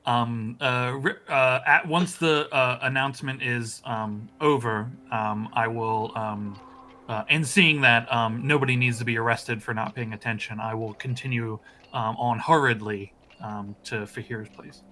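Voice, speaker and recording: A man playing a tabletop game, halting with many ums and uhs as he describes his character's actions. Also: medium pitch, fairly even intonation, bright, forceful tone, a little hiss or hum. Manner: hesitant, lots of ums and uhs. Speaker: player.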